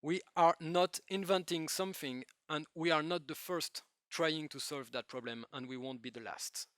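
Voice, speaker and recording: A man with a French accent giving a joking, lively tech talk to a live audience. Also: on the high side, normal speed, no room sound, studio quality. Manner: lively, joking, with non-native phrasing. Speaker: conference speaker.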